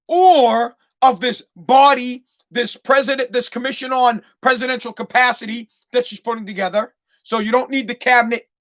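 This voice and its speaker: A man's voice: very high voice, fairly bright tone. A man with an American accent hosting a podcast, delivering an angry, profane political rant and repeating his points. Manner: angry, swearing, repeats himself. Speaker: podcast host.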